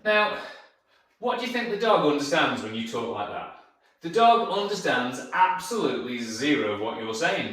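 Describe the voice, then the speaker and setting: Male dog trainer, emphatic teaching tone, fairly high voice, heard from a distance in a very echoey room. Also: fairly bright tone. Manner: emphatic, repetitive, coaxing sing-song praise to the dog. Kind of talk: instructional talk to camera.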